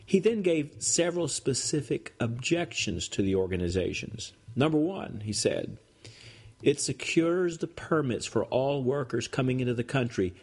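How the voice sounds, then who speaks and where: Man calmly narrating church history. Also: medium pitch, normal speed, breathy edge.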